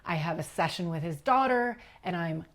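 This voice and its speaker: A middle-aged woman, a podcast guest, telling a personal story in an animated way, acting out quotes and dropping into whispers. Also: fairly low pitch, normal speed.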